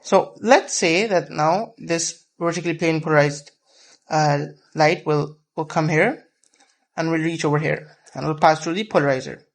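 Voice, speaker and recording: A man's voice: fairly high pitch, moderate pace. A man teaching a whiteboard physics lesson, explaining patiently step by step and repeating key terms.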